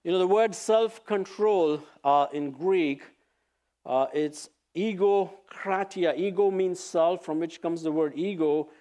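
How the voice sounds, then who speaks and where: A man preaching a sermon in an earnest, exhorting manner, reading scripture aloud with pauses. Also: a little high, mellow, clear, resonant tone. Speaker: pastor.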